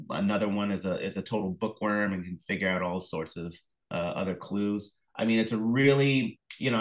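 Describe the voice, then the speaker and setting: A middle-aged man, an author and illustrator, talking as an interview guest, telling lively stories full of fillers and acted-out phone calls. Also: fairly low pitch, low-quality recording. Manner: animated storyteller, acts out phone calls, many fillers. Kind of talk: casual interview conversation.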